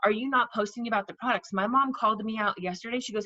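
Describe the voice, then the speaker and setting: A woman's voice: medium pitch, fairly even intonation, fairly quick, few pauses, bright, forceful tone, dull audio. A woman coaching her sales team in a casual, chatty way, repeating herself and acting out sample messages. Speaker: network marketing team leader.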